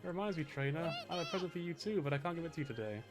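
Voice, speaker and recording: A man's voice: on the high side, animated, racing, over music, lightly acted. A man reading aloud the lines of a cheerful, upbeat young horse girl from a game, in a bubbly tone.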